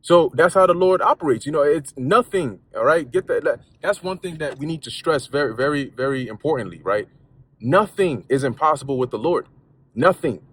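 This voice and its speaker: A man's voice: fairly high pitch, animated, normal speed, a bit bright, husky. A man giving a casual spoken Bible lesson in a conversational, repetitive way, with street slang and frequent restarts, talking from a car while driving. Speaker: lay preacher.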